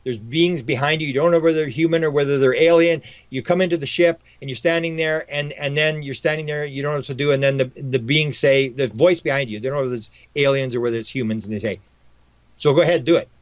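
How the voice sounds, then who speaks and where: A man, a UFO researcher and guest, telling stories in a rapid, animated way, often restarting and acting out dialogue. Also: mid-range voice, no echo. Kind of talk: animated storytelling. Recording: dull lo-fi, dry sound.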